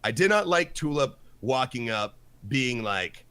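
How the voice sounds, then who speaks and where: Animated man chatting on a podcast. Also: medium pitch, unhurried, clean tone, dry recording. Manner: animated, acts out quotes with lively swings. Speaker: podcast co-host. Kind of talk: casual chat.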